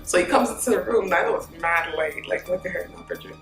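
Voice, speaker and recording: A woman's voice: fairly low pitch, fast talker, vocal fry, recorded from a distance. Chatty woman with a roomy sound. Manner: animated storyteller, laughs often. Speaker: host. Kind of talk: casual chat. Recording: roomy sound with music behind.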